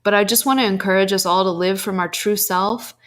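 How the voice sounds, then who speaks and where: A woman's voice: medium pitch, steady tone, brisk. Candid, emotive woman spiritual host. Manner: candid, emotive, casual swearing. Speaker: podcast host and spiritual teacher. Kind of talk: casual spiritual talk.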